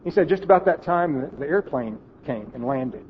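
A man preaching a sermon in an auditorium, telling a story and dropping to a hush at its emotional moments. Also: a little high, lively intonation, normal speed, muffled recording, a little hiss or hum.

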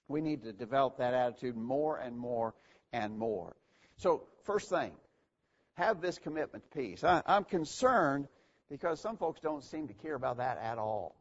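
A man's voice: mid-range voice, lively intonation, measured pace. A man teaching an evening Bible lesson to a church, earnest and repeating key phrases for emphasis. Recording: dull lo-fi recording.

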